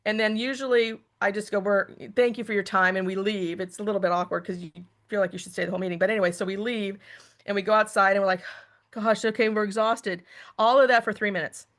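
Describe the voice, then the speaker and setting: Woman, middle-aged, podcast guest, animated storyteller, quotes her own thoughts, medium pitch. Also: fast talker. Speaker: guest, activist. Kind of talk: casual storytelling.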